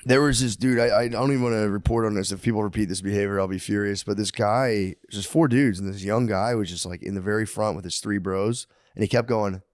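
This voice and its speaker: A man's voice: on the low side, a little fast, hardly any pauses, a little mellow, no room sound. A man co-hosting a podcast, telling loose rambling stories with lots of laughs in casual chat. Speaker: podcast co-host.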